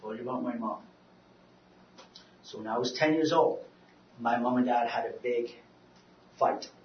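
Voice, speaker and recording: A man giving a sermon with a personal story. He often stumbles and repeats words, and swings between loud urging and quiet confession. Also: medium pitch, unhurried, a little hiss or hum. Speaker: speaker on depression, preacher. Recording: roomy, distant, dull-sounding hall recording.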